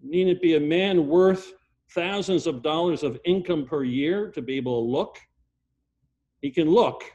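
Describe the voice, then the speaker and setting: An older man delivers a sermon and tells a story, using emphatic repetition and swinging between loud and hushed passages. His voice is on the high side and unhurried, and the recording has its highs cut off.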